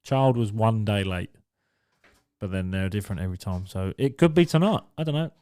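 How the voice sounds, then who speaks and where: A man's voice: fairly low pitch, expressive, fairly quick, darkish tone, clear, resonant tone. A young man co-hosting a podcast, telling stories in a sarcastic, swearing, casual way. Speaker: podcast co-host. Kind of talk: casual chat.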